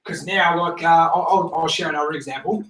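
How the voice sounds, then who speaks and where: Guy, higher voice, animated and laughing, swears a lot; distant mic, roomy echo. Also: brisk. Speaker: team member giving a testimonial. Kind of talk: casual storytelling talk to a group. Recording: echoey room, recorded from afar.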